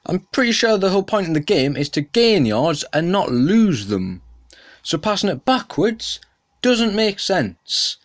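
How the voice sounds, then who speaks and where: A young man hosting a solo podcast, ranting with indignation and often jumping up in pitch and volume. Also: sing-song, unhurried, no room sound, studio quality. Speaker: podcast host. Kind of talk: casual solo podcast rant.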